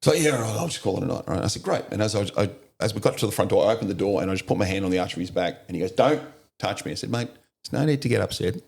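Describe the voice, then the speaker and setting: A gravelly, fairly low-pitched Australian man in middle age tells a rough story in a relaxed interview. He talks bluntly and swears freely, with laughter breaking through his telling. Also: rapid-fire, hardly any pauses. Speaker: podcast guest, army, navy and police veteran.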